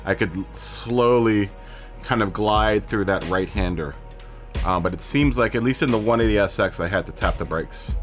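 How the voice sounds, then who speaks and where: A man hosting a casual live gaming stream, chatting in a rambling way, correcting himself and laughing often. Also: fairly low pitch.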